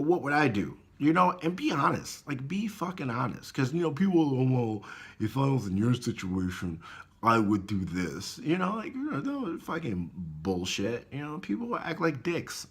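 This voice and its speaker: Animated husky man telling a story. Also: medium pitch. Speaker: vlogger. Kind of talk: casual storytelling vlog.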